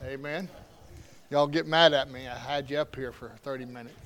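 A man preaching a sermon, telling a story quietly before rising into loud, emphatic preaching. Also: medium pitch, fairly even intonation, normal speed.

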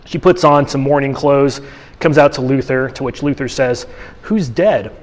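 A man of middle pitch gives a casual teaching talk, circling back and restarting sentences as he explains. His voice carries a long reverb, as if he is speaking in a large hall. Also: level tone, normal speed. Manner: conversational, with frequent restarts and fillers. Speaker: church teacher.

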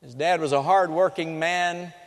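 A man preaching a sermon with dramatic storytelling, changing pace and loudness. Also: a little high, steady tone, moderate pace. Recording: long reverb of a hall.

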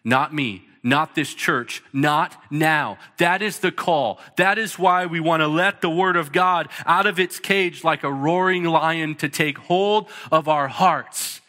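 A man's voice: a little high, sharp tone. A man in his thirties preaching a sermon as pastor, earnest and emphatic, with short punchy repeated lines. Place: church sanctuary. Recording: long reverb of a large hall.

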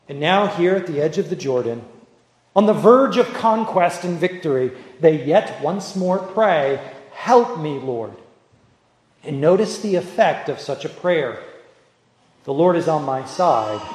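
A man preaching a sermon, building his points through rhetorical repetition and measured emphasis. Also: sits high, a little mellow. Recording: echoey hall, some distance from mic.

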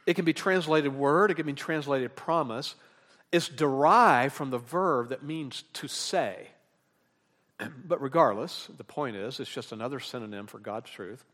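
A pastor in mid-sermon, his voice sitting in an ordinary middle pitch. He preaches with animated emphasis, swelling on key words, then slips into low, offhand asides to the congregation. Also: unhurried. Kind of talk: expository sermon.

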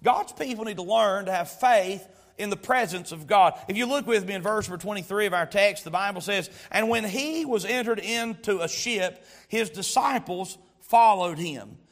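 A man's voice: high voice, moderate pace, few pauses. A man preaching a sermon as a pastor, stretching out key words for emphasis and telling stories with humor. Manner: storytelling with humor.

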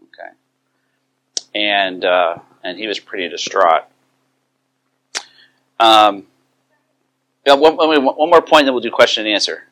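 Bright-voiced man teaching counselors. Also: lowish voice, measured pace, pauses often. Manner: conversational, acts out quoted dialogue. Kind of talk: teaching talk with story.

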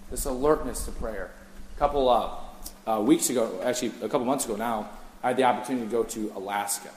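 A man preaching a sermon, his delivery swinging between hushed intensity and loud, lively storytelling. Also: mid-range voice, slight background noise. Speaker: pastor. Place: church sanctuary. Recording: echoey church hall.

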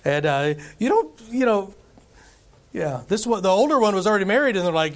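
Middle-aged pastor preaching in a higher voice. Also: male voice, very animated, brisk. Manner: conversational preaching with rhetorical questions to the congregation. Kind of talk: sermon. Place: church sanctuary.

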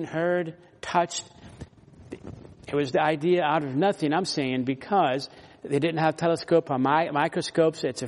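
A man preaching an expository sermon, teaching verse by verse and slowing down to stress key words. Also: a little high, long reverb tail.

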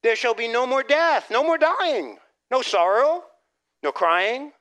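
Pastor guy preaching, high voice, lots of restarts, goes loud then real quiet. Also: takes it slowly. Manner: animated preaching, swinging from loud emphasis to soft, near-whispered asides; repeats words as he restarts phrases. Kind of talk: sermon.

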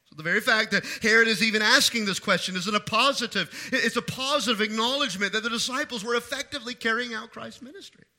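High, bright-voiced preacher man. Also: fast talker, hardly any pauses. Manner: emphatic, repeats phrases for stress. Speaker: pastor. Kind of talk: sermon.

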